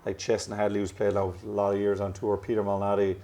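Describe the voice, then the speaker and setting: A man's voice: on the low side, monotone, fast, dark tone. A man with an Irish accent tinged with American, chatting casually as an interview guest and rambling through his stories with plenty of restarts. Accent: Irish with some American drift. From Ireland. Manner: rambling, self-correcting, chuckles at himself. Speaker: professional golfer, guest.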